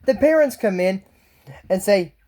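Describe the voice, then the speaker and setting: A woman's voice: medium pitch, lively intonation, mellow. A woman telling a long joke as a story, rambling loosely and slipping into short voices for the people in the tale. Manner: loose storytelling with quick voiced asides for each person in the tale.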